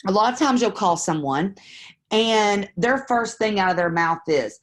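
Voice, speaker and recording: A woman's voice: mid-range voice, animated, unhurried. A woman coaching real estate investors in a live stream, talking candidly and acting out sample phone calls. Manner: candid, conversational, acts out phone scripts.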